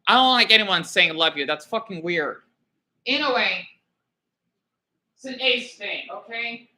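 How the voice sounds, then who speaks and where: A young man chats loosely with viewers on his livestream, drifting between thoughts, scolding commenters and hushing his dogs. His very bright, sharp-edged voice sits high and sounds animated, though a little slow.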